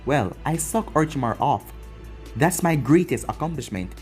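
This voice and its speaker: A man's voice: on the high side, expressive, moderate pace, a little mellow, soft background music, natural voice. A man voicing a brash, arrogant young male ninja who taunts and brags. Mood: cocky. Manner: boastful, taunting.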